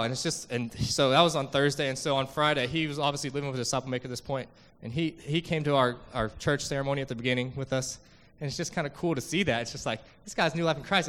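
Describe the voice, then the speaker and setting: A man's voice: medium pitch, fast, fairly bright tone, in a large hall. A young man giving an earnest, emotional church testimony about a mission trip, full of fillers and restarts.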